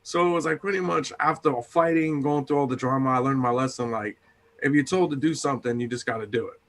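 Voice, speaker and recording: A man's voice: medium pitch, fast talker. A man, a chef co-hosting a podcast, telling work stories in a casual, profane way and acting out what people said. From Tampa area, United States. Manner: storytelling, swears freely, acts out quotes.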